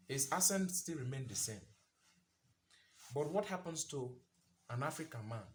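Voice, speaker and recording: Guy preaching at the camera, rhetorical questions, voice jumps all over, kinda high. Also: a little hiss or hum. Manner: preachy, asks rhetorical questions, repeats phrases for emphasis. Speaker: vlogger. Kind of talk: impassioned commentary monologue.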